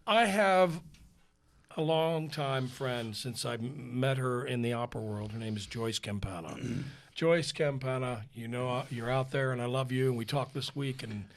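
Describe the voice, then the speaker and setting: A man's voice: medium pitch, moderate pace. A man hosting a podcast, telling a story in a self-mocking way and laughing as he goes. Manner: animated, self-mocking, laughing between lines. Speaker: podcast host. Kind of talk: casual storytelling.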